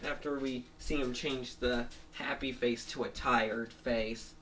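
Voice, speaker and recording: Man, storyteller, slow, rambling, restarts, fillers, casual retelling. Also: medium pitch, fairly even intonation, bright, forceful tone, soft background music. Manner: rambling, with many restarts, fillers and small laughs.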